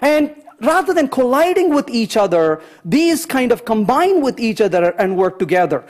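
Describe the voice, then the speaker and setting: A man giving a conference programming talk, chatty and animated, often checking in with the audience. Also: very high-pitched, normal speed. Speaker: conference speaker. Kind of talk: technical talk with anecdotes.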